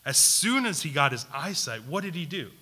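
A man preaching a sermon, putting questions to his listeners and repeating key words for emphasis, swinging between loud and hushed delivery. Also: fairly high pitch, very animated, normal speed. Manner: asks the audience questions, emphatic repetition.

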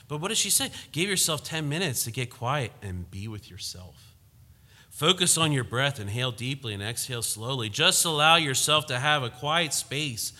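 Emphatic preacher man, bright voice. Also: mid-range voice, moderate pace, long reverb tail. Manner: animated, mocking quoted lines in a lighter voice; rises to emphatic force, drops to hushed tones. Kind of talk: sermon.

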